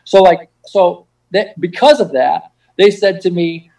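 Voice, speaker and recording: A man's voice: high voice, unhurried, vocal fry, a little mellow, distant mic, low-quality recording. A man telling his story as a guest DJ and producer in a casual interview, rambling and swearing freely. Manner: profane, rambling, repeats himself.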